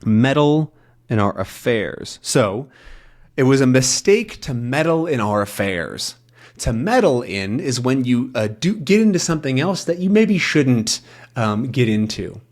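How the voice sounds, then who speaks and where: A man explains vocabulary while reading a comic, in a relaxed, chatty teaching voice. His pitch moves freely and lively, with asides and restarts. It sounds like an easygoing lesson recorded at home. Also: measured pace. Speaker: English teacher. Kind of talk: comic read-along lesson.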